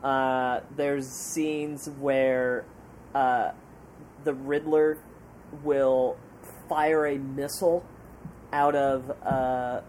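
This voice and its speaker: 男性、くだけたコメディ・ポッドキャストの掛け合い. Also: male voice, mid-range voice, drawn-out words, long pauses, a little hiss or hum. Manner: animated, defensive, rambling with fillers. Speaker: podcast co-host. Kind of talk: casual comedy podcast banter.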